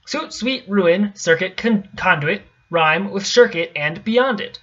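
A young man reading a tricky poem aloud in a casual, halting way, often stopping to correct himself and mutter asides. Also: high-pitched, animated, a bit bright. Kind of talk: casual stumbling read-aloud. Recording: dull lo-fi home recording.

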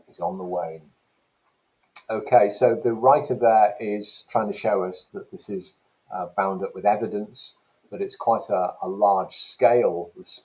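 Low-voiced English teacher explaining. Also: male voice, darkish tone, low-quality recording. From England. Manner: explanatory, reads passages aloud then comments. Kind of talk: recorded lesson.

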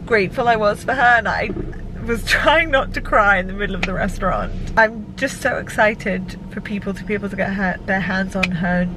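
A woman's voice: mid-range voice, brisk, noisy background. A woman chatting casually to camera in a vlog, gushing and peppering her talk with "like". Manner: chatty, gushing, fond of "like" and "so sweet". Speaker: lifestyle vlogger.

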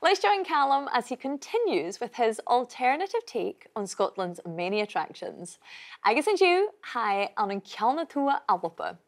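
A Scottish woman hosts a language lesson show from the studio. Her voice sits fairly high and moves up and down a lot. She speaks as a friendly presenter. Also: big pitch swings, moderate pace. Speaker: host.

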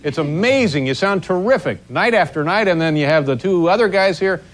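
A man's voice: high voice, animated, fairly quick, soft background music. A man hosting a late-night talk show, bantering with a guest in a dry, teasing way. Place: TV studio with audience. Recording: old VHS tape with audience and hiss.

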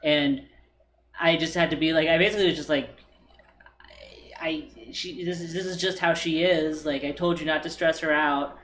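Brief: chatty stream co-host, rambly storyteller, mid-pitch, close mic. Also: fairly even intonation, moderate pace, fairly bright tone, echoey room, slight background noise. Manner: rambling storyteller with many filler likes. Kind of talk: casual chat. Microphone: desk microphone.

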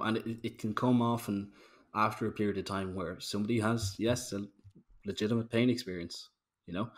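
Swearing man telling gym stories. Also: fairly low pitch. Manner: swearing, ranting storyteller. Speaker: podcast co-host, strength coach. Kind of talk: casual podcast chat.

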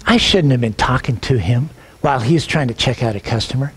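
A middle-aged man, a pastor, telling a personal story in a sermon, animated and acting out the dialogue, often repeating words as he gets going. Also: medium pitch, fairly quick, breathy edge. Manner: animated, acts out quoted dialogue, repeats words when excited.

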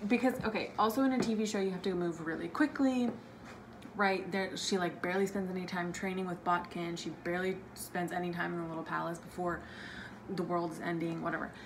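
A tipsy young woman giving a casual book review on her channel, gushing and excitable, with plenty of "like" as filler. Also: fairly low pitch, a little fast, background noise. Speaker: book vlogger.

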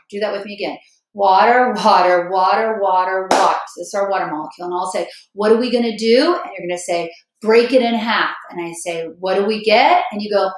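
Upbeat woman teacher, echoey room. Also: medium pitch. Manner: upbeat, chatty, checks in with "okay?" and "all right?"; sings and chants a memory song with motions. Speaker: biology teacher. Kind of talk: recorded classroom lecture with song.

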